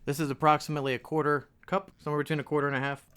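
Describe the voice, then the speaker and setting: A man's voice: a little high, flat delivery, racing, a bit bright, clear, resonant tone. A young adult man hosting a casual home cooking video, walking viewers through a recipe with jokey asides in a home kitchen.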